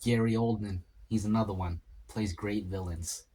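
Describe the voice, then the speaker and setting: Low-voiced man rambling over a meal. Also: steady tone, heavy background noise. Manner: rambling, musing aloud with pauses. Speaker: mukbang vlogger. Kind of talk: casual solo chat while eating. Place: home, at a table eating.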